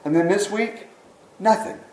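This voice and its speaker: A man's voice: sits high, unhurried, darkish tone, voice pushed up. A man voicing a miserable grown man who moans about his luck, in a raised complaining voice. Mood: moaning. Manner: mournful and complaining. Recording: echoey room, mic at a distance.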